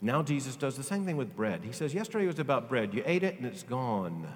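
A male pastor preaching a sermon, swinging from loud, emphatic high lines to quiet, low ones. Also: very animated, fairly quick, few pauses. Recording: long reverb of a large hall.

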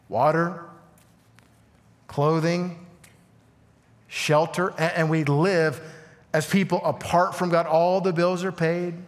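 A man with a high voice delivers a lively sermon, tossing questions and asides to his congregation. His voice rings out with a long reverb from a church hall. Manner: animated preaching with asides to the congregation. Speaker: pastor.

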